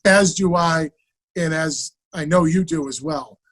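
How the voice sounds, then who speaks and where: A man, an actor guest on an interview, telling stories in an animated, casual way and acting out the dialogue. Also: fairly high pitch, measured pace. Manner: animated, acts out quoted dialogue.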